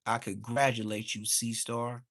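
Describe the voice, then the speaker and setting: A man, ranting on a livestream. He is heated and mocking, and his voice suddenly jumps high. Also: flat delivery, unhurried, a bit bright, dry recording, studio quality. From Inglewood, Los Angeles. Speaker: livestream host. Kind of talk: profane livestream rant.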